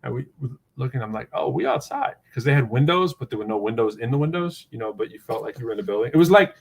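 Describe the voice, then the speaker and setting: A man's voice: medium pitch, lively intonation, racing, slightly rough. A man hosting a live show, rambling and joking in loose, casual banter. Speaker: show host.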